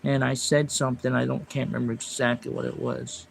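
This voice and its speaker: A man livestreams a long personal story through a phone or desk mic, rambling casually, speaking quietly while telling it and getting louder and sharper when snapping back at chat. His voice is medium-pitched, flat, fairly quick and creaky, against a noisy background.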